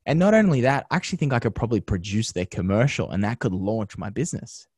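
A man with a low, deep voice tells stories from his career in a relaxed interview. He talks with energy, laughs often and drops casual slang. The sound is dry and close, with no room echo. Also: fast talker, breathy edge. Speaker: TV host and media founder.

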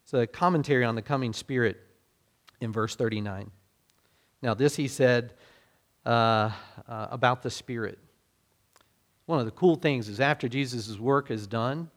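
A male pastor preaching in a loose, talky style, stopping to restart his thoughts and filling pauses with ums. His voice sits at a middling pitch. He explains scripture like he is chatting with his congregation. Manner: conversational, self-deprecating, many fillers and restarts. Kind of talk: sermon.

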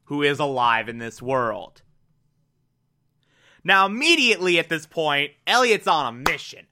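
A man's voice: a little high, bright, forceful tone, clear, resonant tone. A man casually recapping a TV episode in a loose, conversational way, filling gaps with "like". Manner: loose, conversational with frequent "like" fillers.

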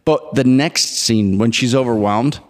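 Give me a man in his forties chatting on a podcast, animated, with a mid-range voice and a long hall reverb. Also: mid-range voice, a little slow. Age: 40s. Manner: animated storyteller, acts out movie scenes. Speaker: podcast co-host. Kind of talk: casual chat.

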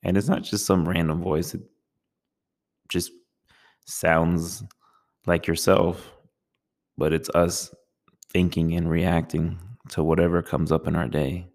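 A man with a low, flat voice gives a calm talk on meditation. His delivery is slow and soothing, and each phrase is measured. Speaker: meditation teacher.

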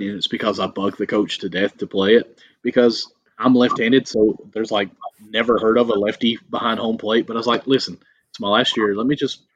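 Husky-voiced joking male co-host. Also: lowish voice, dry recording, highs cut off. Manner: joking, teasing storyteller. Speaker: podcast co-host. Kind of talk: casual chat.

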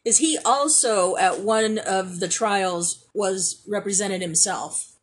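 A woman's voice: medium pitch, slow pace, slightly rough. A woman co-hosting a podcast in casual chat, swearing freely and trailing off while she hunts for words. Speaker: podcast co-host.

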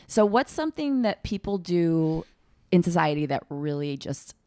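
A woman's voice: lowish voice, sing-song, moderate pace, a little mellow, dry recording, clean studio sound. A woman hosting a podcast from a rented home, chatty and blunt, laughing easily. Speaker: podcast host. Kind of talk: casual podcast chat.

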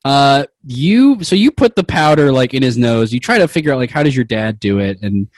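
A man's voice: mid-range voice, animated, brisk, no room sound. A young man running a tabletop game as game master, rambling and laughing as he narrates.

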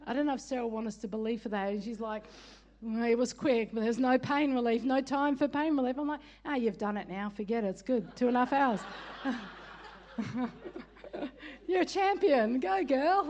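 A middle-aged woman preaching a sermon, telling lively family stories with laughter and building into emphatic calls of "come on". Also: sits high.

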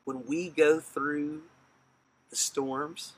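A man's voice: a little high, little pitch movement, very slow, slight background noise. A male pastor preaching a sermon in a casual, enthusiastic, storytelling manner.

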